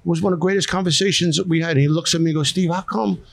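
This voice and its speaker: A middle-aged man with a Philadelphia accent talks through a raw, emotional podcast interview. His voice sits a little high for a man, and his speech is blunt and streetwise, full of restarts and repeated words. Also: fairly even intonation, racing, gravelly. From South Philadelphia. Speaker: guest, restaurateur.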